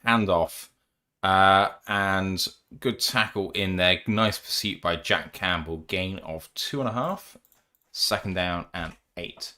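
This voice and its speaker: Scouse guy doing play-by-play on a live stream, deep-ish voice, laughs a lot, reads chat. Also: bright, forceful tone. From England. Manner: jokey, laughs often, calls plays in quick bursts. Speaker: co-host calling play-by-play and reading chat.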